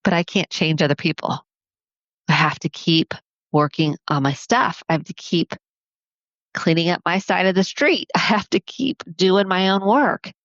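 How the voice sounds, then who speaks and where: A woman's voice: fairly low pitch, fairly bright tone, no room sound, muffled recording. Earnest encouraging woman podcast host. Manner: earnest and encouraging, counts points off slowly. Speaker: podcast host and family therapist. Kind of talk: solo podcast talk.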